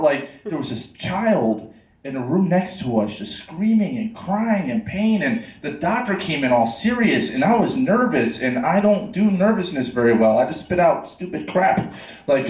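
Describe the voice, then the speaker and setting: A man from New doing a stand-up comedy set, rambling and self-mocking with quick asides to the crowd. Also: on the high side, very animated, a little mellow. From New York. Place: comedy club stage. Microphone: handheld stage mic heard from the room camera. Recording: roomy club sound from a distant camera. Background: audience laughter.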